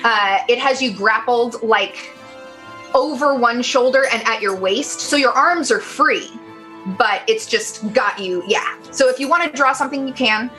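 A woman running a tabletop game as game master, describing monsters and calling for saving throws in a measured way. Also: on the high side, bright, forceful tone, faint music behind.

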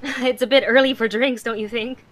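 A woman's voice: fairly high pitch, steady tone, normal speed, background noise. A woman player speaking in character during a tabletop game, polite but firm.

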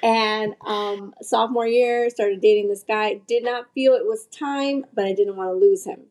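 On a podcast, a female guest tells a personal story with lots of animation, dropping "like" often and doing voices for the people she quotes. Her voice sits in the mid-range and she talks at a moderate pace.

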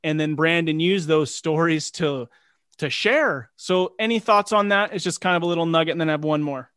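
A man hosting a casual podcast talk in a slightly high voice. He sounds earnest and encouraging as he steers the conversation. The recording is dry, with no room sound. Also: normal speed, fairly bright tone, smooth, no room sound. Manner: earnest, encouraging, leads the discussion. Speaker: podcast host.

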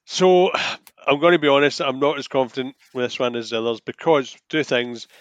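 A man's voice: medium pitch, fairly quick, dry recording, dull audio. A man with a mid-range voice co-hosting a film podcast. He chats eagerly in loose, run-on thoughts. The sound is dry and close-miked. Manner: chatty, enthusiastic, talks in run-on thoughts. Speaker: podcast co-host. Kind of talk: casual podcast chat.

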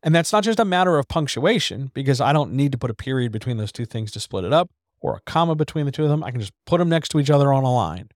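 A man's voice: mid-range voice, sing-song, fast talker, few pauses, no room sound, studio quality. A man hosting a casual writing podcast, candid and swearing freely, dragging his S's and hitting his D's and T's hard. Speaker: podcast host. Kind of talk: casual instructional chat about writing. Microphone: studio microphone.

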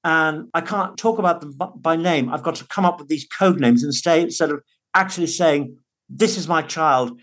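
A man's voice: fairly high pitch, a little fast, fairly bright tone. A man speaking as a guest in a conversational interview, earnest and emphatic, often restarting his words. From United Kingdom. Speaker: podcast guest, father.

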